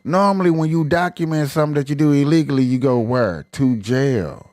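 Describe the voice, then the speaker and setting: A man's voice: medium pitch, a little fast, darkish tone, dry recording. A man hosting a live stream, ranting in emphatic, colloquial casual commentary.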